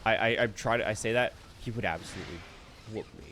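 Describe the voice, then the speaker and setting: A young man streaming a video game live, commenting excitably with jokes and playful boasts. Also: lowish voice, fast talker, slight background noise.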